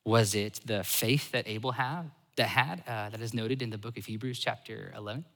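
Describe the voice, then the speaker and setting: A man preaching a sermon as a pastor, animated, switching between loud emphasis and soft asides. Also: fairly low pitch, moderate pace, vocal fry, long reverb tail.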